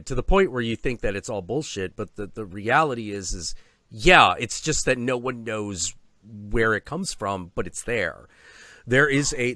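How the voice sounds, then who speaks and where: A man hosting a casual interview over a video call, an animated storyteller who swears freely. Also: medium pitch, no room sound, studio quality. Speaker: host.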